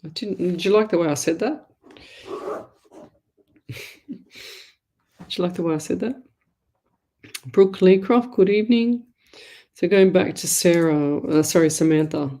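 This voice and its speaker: A woman's voice: lowish voice, a little slow, long pauses, dark tone. Chatty woman giving readings. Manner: chatty, rambling, addresses listeners as lovey. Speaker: psychic medium host. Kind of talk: live online call-in readings.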